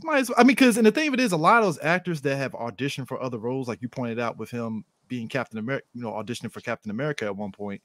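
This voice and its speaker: A man co-hosting a podcast in casual chat, an animated storyteller who laughs often and acts out quoted lines. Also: mid-range voice, very fast, few pauses, dry recording. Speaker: podcast co-host.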